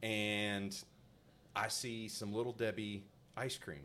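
A male podcast host with a lowish voice tells a story slowly in casual chat, over a faint hiss or hum. He's animated and laughs often, acting out the voices of the people in his anecdote.

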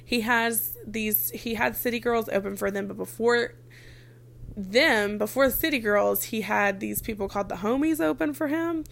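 A woman's voice: fairly high pitch, normal speed, vocal fry, fairly bright tone. A young woman casually telling a story as a vlogger, full of "like" fillers and casual swearing.

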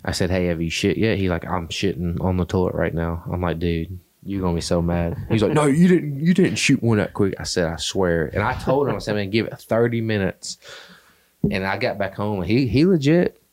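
A man's voice: low-pitched, a little fast, darkish tone. A man hosting a podcast, telling a hunting story in a rambling, casual way with many fillers. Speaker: podcast host. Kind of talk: casual chat.

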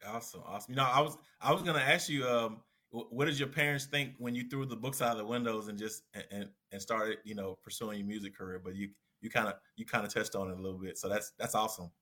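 A man interviewing a guest, asking casual, halting questions from away from the mic. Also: on the low side, fairly even intonation, pushed and bright.

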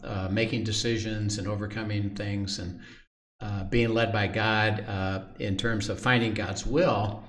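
A man's voice: lowish voice, echoey room. A male host asking his guests to share a story, hesitant and full of fillers. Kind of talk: casual interview.

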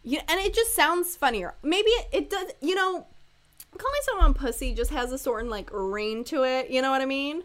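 A woman's voice: high voice, animated, moderate pace, a bit bright. A woman in her twenties hosting a casual solo podcast, candid and rambling with lots of asides, joking irreverently and laughing often. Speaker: podcast host.

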